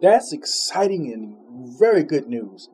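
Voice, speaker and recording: High-voiced man preaching casually. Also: very animated, a little mellow, breathy edge. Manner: conversational, laughs between points, reads scripture slowly. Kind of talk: informal sermon.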